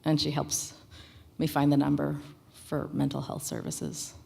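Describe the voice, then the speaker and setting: Low-voiced woman telling a story. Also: monotone, a little slow, creaky, background noise. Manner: candid, conversational, matter-of-fact. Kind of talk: live first-person storytelling. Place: stage at a live story show.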